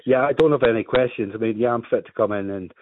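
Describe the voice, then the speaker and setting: A man's voice: mid-range voice, quick pace, a little hiss or hum. A man from Scotland, a claimant, chatting casually and jokingly on a phone call, self-deprecating and swearing freely. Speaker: caller, claimant. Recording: tinny dry phone line.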